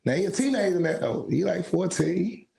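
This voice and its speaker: A singer sits in as a podcast guest and spins a story in relaxed street slang. He is a man with a voice pitched a touch high, and he animates his tale by acting out each voice he quotes. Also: normal speed, gravelly, poor audio. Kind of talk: casual storytelling.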